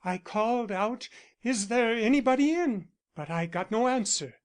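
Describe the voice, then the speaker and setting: A man's voice: very high-pitched, animated, normal speed, pitched above the performer's own voice. A man voicing a stern young woman. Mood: recounting. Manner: firm, matter-of-fact. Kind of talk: audiobook character reading.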